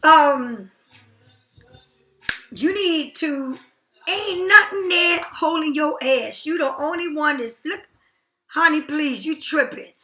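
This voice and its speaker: High, bright woman tarot reader, blunt and profane, echoey room. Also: takes it slowly, pauses often. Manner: blunt, profane, animated, talks straight to the viewer. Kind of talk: casual tarot reading to camera.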